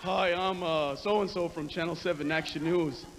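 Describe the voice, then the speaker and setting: A man's voice: fairly high pitch, fairly even intonation, in a large hall, voice pushed down, close to an everyday voice. A man voicing a bumbling male TV news reporter who halts and stumbles over his words. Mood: oblivious. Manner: halting, stumbling delivery.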